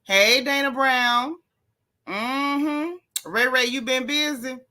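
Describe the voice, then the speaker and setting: A woman hosting a casual livestream, greeting viewers one by one in a lively, chatty way with slang. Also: high voice, takes it slowly. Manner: lively, chatty, Southern Black American slang. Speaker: livestream host.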